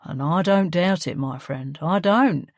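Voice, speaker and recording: A man's voice: a little high, unhurried, no room sound, clean studio sound. A woman voicing a young, charming male crime boss with a Cockney accent, breezy and falsely friendly. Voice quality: breezy, matey.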